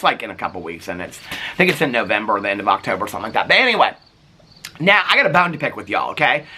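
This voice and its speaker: A man from Indiana vlogging about reality TV in a casual, animated, gossipy way with big swings in his voice. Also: husky. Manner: animated and dramatic, gossipy, big pitch jumps. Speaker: reality TV commentator. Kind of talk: casual chatty vlog.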